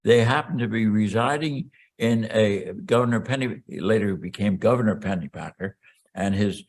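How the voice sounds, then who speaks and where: A man's voice: fairly low pitch, moderate pace. An older man from Pennsylvania giving a history lecture at a college seminar, reading prepared text and breaking off into rambling asides with many ums and restarts.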